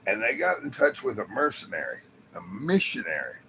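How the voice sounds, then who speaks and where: Guy rambling on his livestream, gravelly voice, pitch bouncing all over, keeps laughing. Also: wildly swooping pitch, a little fast, pushed and bright, slight background noise, rough recording. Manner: rambling, laughs often, restarts a lot. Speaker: livestream host. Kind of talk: casual storytelling to viewers.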